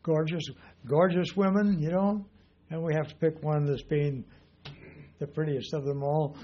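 A man's voice: fairly high pitch, fairly even intonation, unhurried, dull audio. An older man preaching a conversational sermon in a folksy, rambling way, full of "you know" asides.

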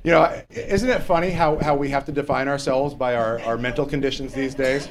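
A man's voice: medium pitch, steady tone, a little fast, music in the background. A man preaching a conversational sermon, rambling and joking as he reads the Bible, sometimes losing his place and stressing key points. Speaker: pastor.

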